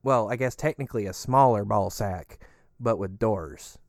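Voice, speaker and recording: A man's voice: moderate pace, gravelly, a little mellow, no echo, studio quality. A man playing a rambling, easygoing male resident living inside a giant creature, chatty and crude. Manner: chatty, crude, swinging pitch.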